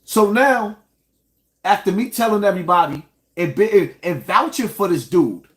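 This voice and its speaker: Indignant higher-voiced male commentator. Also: animated, moderate pace. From New York. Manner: indignant, addresses viewers directly. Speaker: online show host. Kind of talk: commentary rant.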